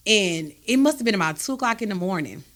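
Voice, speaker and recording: A woman, hosting a podcast and telling a personal story in a candid, animated, emphatic way. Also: mid-range voice, fast talker. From Texas, USA. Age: adult, raised a grown son. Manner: emphatic and animated, with frequent "do you understand me?". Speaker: podcast host.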